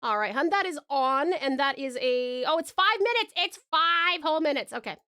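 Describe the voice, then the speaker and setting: A woman's voice: high voice, animated, normal speed, bright, forceful tone, dry recording. An Australian woman from Tasmania chatting casually and playfully on a live stream, self-deprecating, close to a desk microphone.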